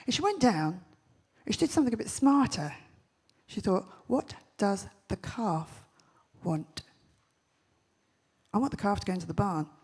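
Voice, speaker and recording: A woman giving a comic keynote talk on stage, telling punchy stories with quick, brash jokes. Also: medium pitch, lively intonation, a little mellow, husky. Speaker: festival speaker. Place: large event stage.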